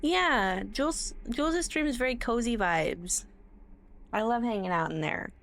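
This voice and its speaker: A woman's voice: fairly high pitch, animated, measured pace, a bit bright. A woman game streamer chatting casually and upbeat with her viewers during a live stream.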